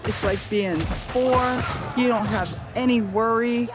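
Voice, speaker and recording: A woman's voice: a little high, takes it slowly. A middle-aged woman giving a personal testimony, telling her story earnestly in long run-on sentences with many repeated phrases. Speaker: near-death experience storyteller. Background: clear background music.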